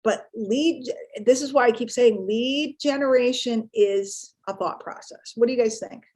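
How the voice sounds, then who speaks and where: A woman's voice: fairly high pitch, measured pace, darkish tone. A middle-aged woman speaking casually and playfully on a live webinar, repeating herself for emphasis. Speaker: guest speaker on marketing webinar.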